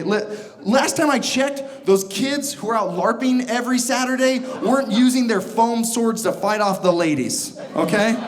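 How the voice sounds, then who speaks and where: A young man doing a stand-up comedy set on a club stage, sarcastic and animated, acting out bits in exaggerated voices. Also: very high-pitched. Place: comedy club stage before a laughing audience. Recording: roomy stage sound with audience noise.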